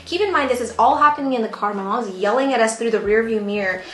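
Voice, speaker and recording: On the high side and fast, this young plant vlogger's voice carries a slight hiss or hum as she repots plants at home. Tipsy and animated, she tells a casual story stuffed with "like," in an echoey room with background music.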